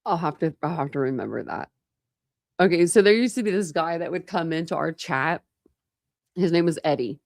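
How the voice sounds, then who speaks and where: A woman hosts a true crime livestream, chatting casually and rambling with viewers, with many fillers and restarts. Her low voice is expressive and a little mellow at a moderate pace, captured with clean studio sound and no room sound.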